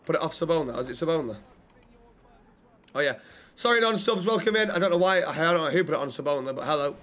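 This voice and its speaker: Male streamer, casual and easygoing, voice sits a little high. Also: animated, fast talker, fairly bright tone. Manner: laid-back, chats with viewers, thanks subscribers. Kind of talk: casual gaming chat and roleplay.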